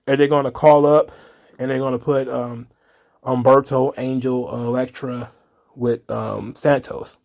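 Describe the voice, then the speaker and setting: A man's voice: mid-range voice, flat delivery, a little slow, vocal fry, darkish tone. A man hosting a casual solo wrestling commentary, opinionated and rambling, with frequent fillers and restarts. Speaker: wrestling commentary channel host.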